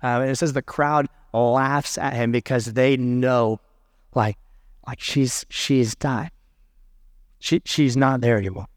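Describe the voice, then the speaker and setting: A male pastor preaching a sermon in a conversational way, reading scripture aloud with pauses. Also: medium pitch, steady tone, no room sound, clean studio sound.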